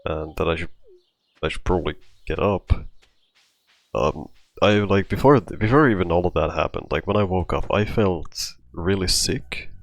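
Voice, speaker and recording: Breathless and casual, a man with a low-sitting voice tells a meandering personal story as a storytime vlogger, speaking at a moderate pace. He uses lots of fillers and keeps starting his sentences over.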